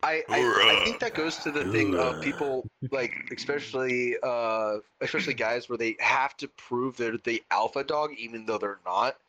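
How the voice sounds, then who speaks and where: A man's voice: mid-range voice, moderate pace, few pauses, crowd noise, poor audio. A man co-hosting a casual chat, rambling with lots of "like" and restarts. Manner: rambling, filler-heavy, restarts a lot. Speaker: podcast co-host.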